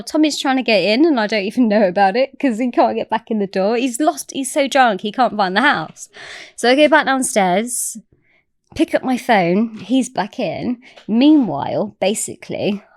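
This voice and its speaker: A woman guest on a podcast telling a story in casual chat, animated and swearing freely. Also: a little high, moderate pace, no room sound, studio quality.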